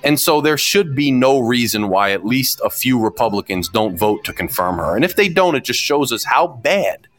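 Hosting a podcast solo, a man near New York City delivers emphatic, repetitive, frustrated political commentary, mocking opponents with put-on whiny voices. His medium-pitched, slightly bright voice has lively intonation, normal speed, and hardly any pauses. Soft music plays in the background.

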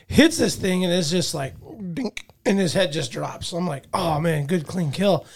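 A man telling a hunting story in casual chat, animated, acting out moments with loud and hushed swings. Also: a little high, moderate pace, vocal fry, slightly rough.

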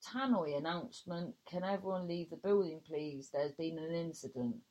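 A woman presenting a chatty radio show, reading out listener messages and reacting with animated exclamations. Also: normal speed. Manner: animated, exclaiming, swings high in surprise.

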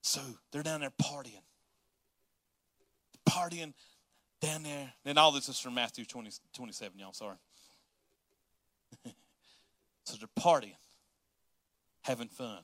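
Male preacher, slightly high, bright voice; casual, joking sermon delivery with stop-start repetitions. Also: slow, pauses often, no room sound, clean studio sound. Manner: casual, joking, repeats words as he restarts.

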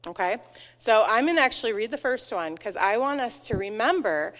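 A woman in her forties leading a church children's message, telling a story with a lively, questioning manner. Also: a little high, fairly quick. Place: church sanctuary. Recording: long church reverb.

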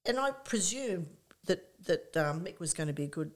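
Older woman telling lively anecdotes. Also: lowish voice, normal speed. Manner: lively storyteller, acts out her own past thoughts, frequent "you know". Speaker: interview guest. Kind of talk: conversational anecdote.

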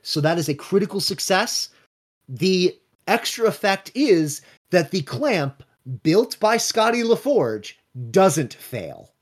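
Higher-voiced male game master. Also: very animated. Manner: brisk, matter-of-fact rules calls. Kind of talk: narrating a tabletop game.

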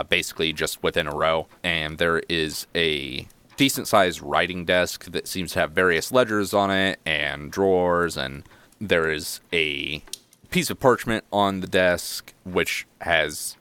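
A man narrating a tabletop game as game master, relaxed and descriptive. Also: sits low, unhurried, clean tone, dry recording.

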